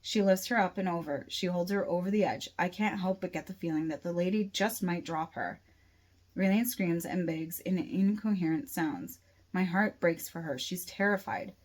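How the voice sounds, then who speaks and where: Woman narrator, author reading her novel, low-set voice, steady first-person audiobook read. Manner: steady reading with occasional restarts.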